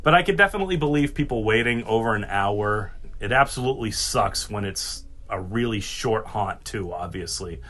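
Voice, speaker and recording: A man hosting a casual podcast, jokey and animated, swearing casually as he talks. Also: on the low side, moderate pace. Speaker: podcast host.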